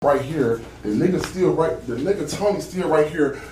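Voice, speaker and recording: A man recounting events to detectives, agitated and swearing, circling back over the same points. His voice sits a little high for a man. The room is echoey, with a faint hiss behind him. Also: lively intonation, moderate pace, darkish tone, distant mic. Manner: agitated, profane, repeats himself. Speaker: witness. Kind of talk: police interview statement. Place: police interview room.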